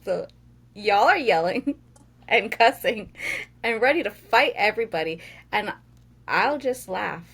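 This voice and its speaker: A woman co-hosting a podcast in casual chat, telling stories in a measured way with many "like" fillers. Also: medium pitch, animated, fairly bright tone, slightly rough. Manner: measured storytelling with frequent "like" fillers. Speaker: podcast co-host.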